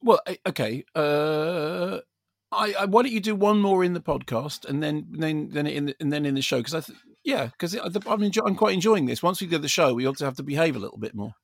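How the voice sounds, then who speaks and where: A man co-hosting a film podcast from a cupboard at home, chatting enthusiastically with quick restarts and frequent laughter. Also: on the high side, creaky, dry recording, clean studio sound. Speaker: podcast co-host and film critic. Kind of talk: casual chat.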